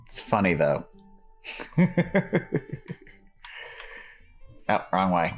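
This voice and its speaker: A man giving casual live commentary while playing a game, chatty and quick to laugh as he talks to his chat. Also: low voice, animated, faint music behind. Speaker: let's play streamer.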